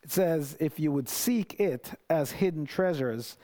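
A man preaching a sermon in an earnest, conversational way, with many restarts and lively quoted prayers. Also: fairly high pitch, a little slow.

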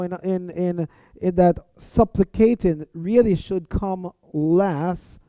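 Man, preacher, teaching on prayer, very dark mellow tone, slightly raised pitch, earnest. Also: no room sound. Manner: earnest, speaks example prayers aloud. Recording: dull, lo-fi sound.

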